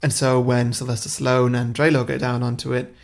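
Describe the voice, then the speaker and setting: Man with a gravelly, rambling storytelling voice. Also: medium pitch, level tone, fairly quick. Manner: rambling storyteller who chuckles at his own ideas. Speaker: podcast co-host. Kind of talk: casual chat, pitching a comic plot.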